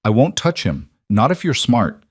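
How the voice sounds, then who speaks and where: A man voicing an older male crime boss who threatens calmly and with cold amusement. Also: medium pitch, slightly rough, no room sound, clean studio sound. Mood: menacing. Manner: calm, measured threats.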